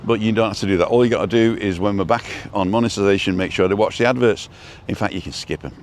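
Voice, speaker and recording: A man's voice: fairly low pitch, quick pace, slight background noise. A man hosting a casual outdoor live stream, rambling and reading out viewer comments as he goes.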